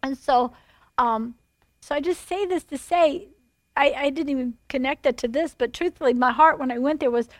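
A middle-aged woman preaches, recounting her story in an animated, rambling way. Her voice sits a little high. The recording is dry and close. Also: moderate pace, no room sound. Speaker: pastor. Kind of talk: sermon testimony.

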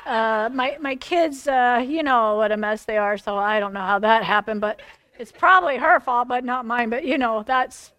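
A woman's voice: a little high, normal speed, a bit bright, dry recording, lightly acted. A woman voicing a self-absorbed married man who prays in a rambling, distracted way.

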